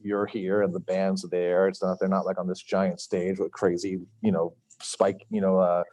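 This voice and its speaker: This chef from Long Island, New York, is middle-aged and speaks in a deep, dark voice with a level tone at normal speed, recorded dry. As a podcast guest in a casual interview, he rambles through stories with many fillers and acted-out quotes.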